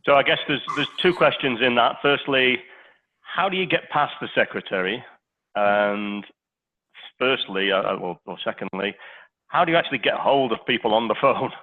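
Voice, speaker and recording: A man attending a webinar, asking a question in a hesitant, halting way. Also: mid-range voice, animated. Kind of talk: casual question. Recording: tinny phone line.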